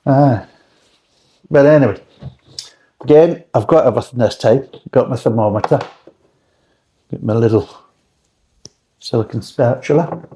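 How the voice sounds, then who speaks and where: A man's voice: medium pitch, measured pace, pauses often, dark tone. A man reviewing drinks in a casual, rambling recipe chat, with dry joking asides.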